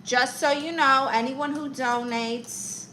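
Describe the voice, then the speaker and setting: A woman's voice: sits high, fairly even intonation, slow, background noise. A woman from Brooklyn, hosting a live stream as a comic aunt character who reads viewers' comments in a sassy, teasing way and calls them honey and darling. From Brooklyn, New York. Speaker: livestream host playing an aunt character. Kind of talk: live-stream chat reading.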